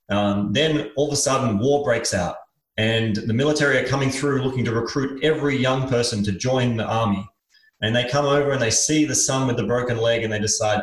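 A man chatting as a podcast guest, telling a parable with lively energy. He jumps his pitch up when he quotes other people. His voice rings in a roomy space. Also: moderate pace. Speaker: podcast guest, business author. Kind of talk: casual podcast storytelling.

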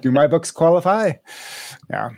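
A man's voice: fairly high pitch, lively intonation, unhurried. A man hosting a podcast in casual chat, talking in a rambling way with lots of fillers and restarts. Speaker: podcast host.

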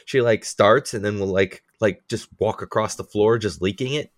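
A man co-hosting a podcast, chatting casually and ranting in profane, animated complaints. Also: fairly low pitch, normal speed, dry recording, studio quality. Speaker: podcast co-host. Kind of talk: casual chat.

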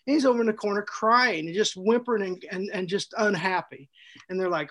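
A man co-hosting a podcast, telling a story in a casual, animated way, laughing often and restarting his sentences. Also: high-pitched, brisk. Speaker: podcast co-host and author.

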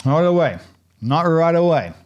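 A man's voice: a little high, very animated, normal speed, darkish tone, muffled recording. A man hosting a casual chocolate tasting, chatty and rambling, poking fun at himself. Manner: chatty, rambling and self-deprecating.

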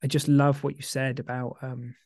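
A man co-hosting a casual podcast, rambling with many restarts and getting excitable when he warms to a point. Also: mid-range voice, moderate pace, no echo, studio quality. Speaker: podcast co-host.

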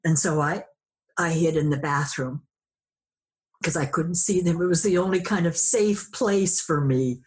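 A woman's voice: deep voice, unhurried, a little mellow. A woman guest sharing a personal story in a conversation, reflective, acting out remembered dialogue.

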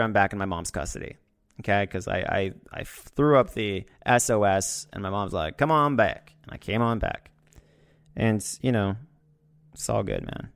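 A young man vlogging, telling a personal story in a casual, sarcastic way, swearing often and rising to loud outbursts. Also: on the low side, clean tone, no echo, clean studio sound.

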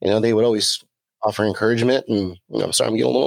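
Male podcast guest, lowish voice, candid, plainspoken, dry close sound. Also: steady tone, racing, gravelly, no room sound. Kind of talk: casual podcast conversation.

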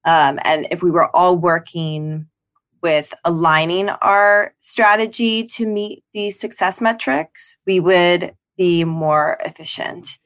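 A woman's voice: lowish voice, slow pace, a bit bright. A woman guest on a podcast interview, answering thoughtfully with frequent ums and restarts. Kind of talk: casual interview.

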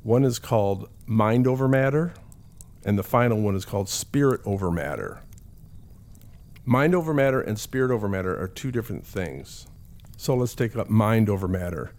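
A middle-aged man with a somewhat low voice talks in a relaxed, conversational way. He is a counselor recounting cases from his practice. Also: normal speed. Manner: conversational storytelling with acted quotes. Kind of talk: talk.

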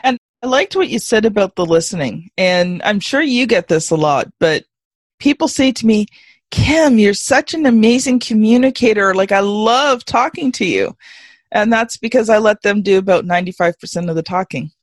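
A woman's voice: medium pitch, expressive, dry recording. A woman hosting a podcast interview, chatty and affirming. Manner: chatty, affirming, quick to laugh. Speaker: podcast host.

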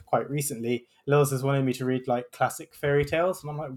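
A man in his thirties co-hosting a podcast, talking in an animated, casual way full of fillers and quoted asides. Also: mid-range voice, brisk, hardly any pauses. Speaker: podcast co-host. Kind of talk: casual chat.

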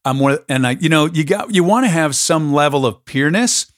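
A man's voice: a little high, animated, normal speed, dry recording, studio quality. A man hosting a podcast, telling a story in a casual, enthusiastic way. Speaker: podcast host. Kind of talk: casual conversation.

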